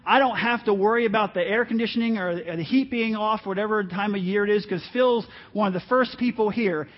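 Man, pastor, encouraging sermon, high-pitched, muffled lo-fi sound. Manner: earnest, encouraging, conversational with asides. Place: church sanctuary.

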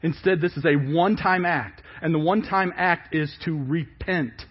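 A man preaching a sermon, emphatic and falling quiet at the ends of phrases. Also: on the high side, moderate pace, breathy edge. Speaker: pastor. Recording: dull lo-fi church service audio.

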